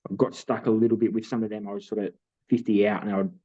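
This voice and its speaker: A man with a lowish voice tells a story in relaxed podcast chat, wandering through fillers and restarts. The sound is thin and tinny, as if it came over a phone line. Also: quick pace. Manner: rambling storytelling with many fillers. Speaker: podcast co-host. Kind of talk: casual chat.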